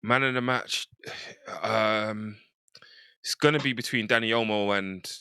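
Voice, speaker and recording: A man's voice: on the low side, steady tone, measured pace, gravelly, bright, forceful tone, clean tone, no echo, clean studio sound. A man on a football podcast panel, enthusiastic and rambling as he talks through a match. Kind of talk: casual football chat.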